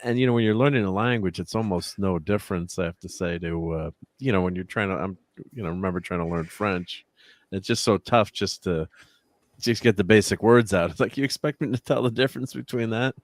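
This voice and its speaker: Deep-voiced man chatting, very dry sound. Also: fairly quick, no room sound. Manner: chuckles often, reads out viewer chat. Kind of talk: casual chat.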